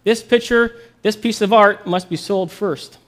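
A man's voice: high voice, fairly even intonation, measured pace, voice pushed up. A showy male auctioneer calls out bids in a raised, emphatic voice, as a man preacher acts him out in a sermon story. He sounds firm and sure of himself. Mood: announcing. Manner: announcing, emphatic.

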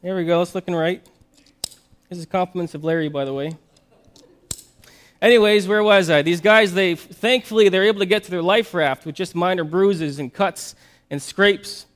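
A man preaches with a fairly high voice, telling a story in an animated way. He often doubles back on his words and then reads scripture aloud. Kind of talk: sermon storytelling.

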